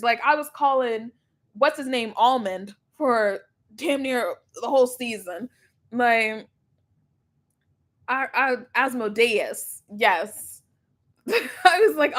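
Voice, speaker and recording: A woman's voice: high voice, fairly bright tone. A young woman, streaming a casual chat on her laptop. She rambles, laughs often and swears casually. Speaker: livestream reaction host.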